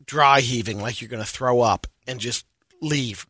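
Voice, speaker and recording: Bright teasing male co-host. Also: medium pitch, husky, no room sound. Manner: quick teasing interjections. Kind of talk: casual comedic podcast chat.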